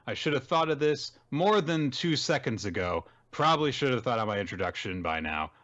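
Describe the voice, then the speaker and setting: A man voicing a scatterbrained otaku high school teacher who rambles in self-mocking asides. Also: sing-song, a little fast, fairly bright tone, muffled recording. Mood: flustered.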